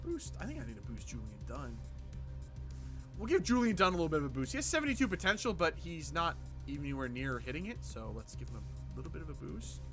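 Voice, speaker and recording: On a gaming livestream, a man chats casually with viewers while he plays, joking sarcastically, answering chat, and rambling with frequent restarts. His voice runs on the high side with big pitch swings and a quick pace, and music plays in the background.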